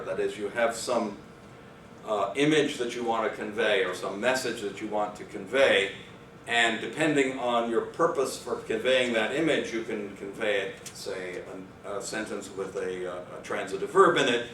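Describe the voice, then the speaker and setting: A man with a fairly low voice gives an academic lecture, meandering through his points with fillers and quick self-corrections. He sounds far from the mic in an echoey room, with a faint hiss beneath.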